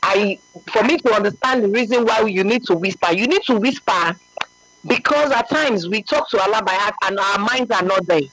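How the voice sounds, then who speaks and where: A man's voice: sits high, moderate pace, bright, forceful tone, no room sound, poor audio. A man giving a conversational religious talk, earnest and emphatic, often checking that the listener understands. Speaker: religious speaker.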